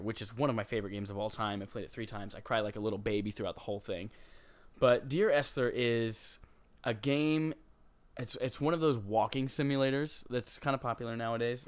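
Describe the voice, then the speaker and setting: A young man co-hosting a gaming podcast, talking casually in an animated, joking and enthusiastic way. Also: mid-range voice. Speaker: podcast co-host.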